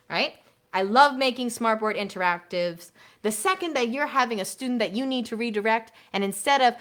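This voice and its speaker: Running a web workshop for grade-school music teachers, this woman talks a little fast with a voice on the high side. She's chatty and energetic, sometimes singing short songs to illustrate.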